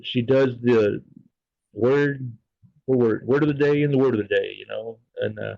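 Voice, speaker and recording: A man's voice: medium pitch, normal speed, gravelly, dry recording, highs cut off. A man hosting a casual livestream, talking in an earnest, rambling, heartfelt way. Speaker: livestream host.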